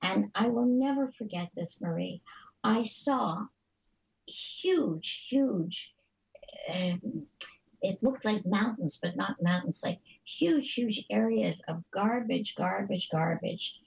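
A woman guest recounts her experiences in an interview, halting now and then and starting over. Her voice is gravelly with a husky edge. The recording sounds a little dull and lo-fi. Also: mid-range voice, darkish tone. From Canada. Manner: earnest, halting storyteller with many restarts. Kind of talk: telling stories in an interview.

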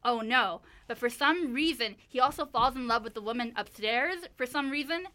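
A woman's voice: high-pitched, fairly quick. A woman co-hosting a podcast, chatting casually and animatedly about a film she saw, with lots of fillers. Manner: animated, many "like" and "you know" fillers. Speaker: podcast co-host. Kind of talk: casual chat recapping a film.

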